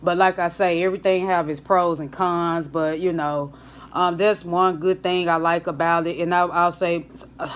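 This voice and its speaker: A young woman chatting casually to camera at home about her work as a hotel banquet server, rambling, with lots of restarts. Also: on the low side. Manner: relaxed, rambling, with restarts and Southern US slang. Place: at home, indoors.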